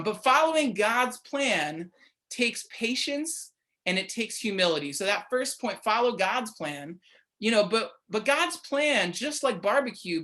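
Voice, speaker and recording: Young woman, mid-range voice, relaxed talk-style church teaching, chatty delivery. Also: mid-range voice. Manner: casual, chatty, keeps asking "right?". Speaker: church speaker. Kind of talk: conversational midweek sermon.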